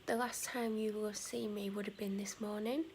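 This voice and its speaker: A tired woman meanders through a casual vlog at an unhurried pace, her middle-pitched voice gravelly and creaky with little pitch movement. She keeps correcting herself mid-sentence and occasionally drops to a near-whisper, with background noise audible.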